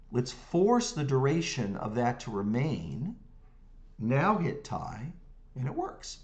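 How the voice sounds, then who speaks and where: A man talks a viewer through a screen-recorded software lesson, one click at a time. His voice sits in an average register, and he hums rhythms as nonsense syllables. He keeps asking whether the viewer is following along. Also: mid-range voice. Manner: checks in with the viewer often. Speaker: music notation software teacher.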